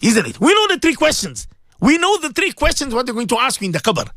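A man's voice: extremely high pitch, wildly swooping pitch, quick pace, a bit bright, dry recording, clean studio sound. A man preaching a radio sermon, impassioned and pleading, repeating himself and mixing Arabic religious phrases into his English. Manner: impassioned, pleading, repetitive exhortation.

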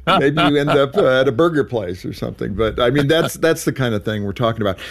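A man's voice: medium pitch, lively intonation, quick pace. Man, show host, conversational, jokey, acts out scenes. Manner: chatty, jokes and acts out little scenes. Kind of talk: conversational interview hosting.

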